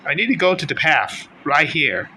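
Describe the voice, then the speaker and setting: A man doing let's-play commentary as a gaming YouTuber, excitable, swearing and yelping at enemies. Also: a little high, normal speed, a little hiss or hum.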